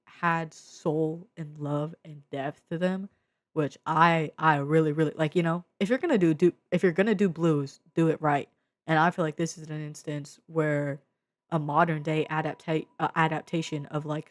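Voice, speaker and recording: A young woman from the Bay Area talks through her favorite films in a low voice, excitable and slangy, swearing freely between a stream of fillers. She speaks straight into her own mic, and the sound is dry and close with no room echo. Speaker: vlogger reviewing media. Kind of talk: casual media review. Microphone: own desk mic.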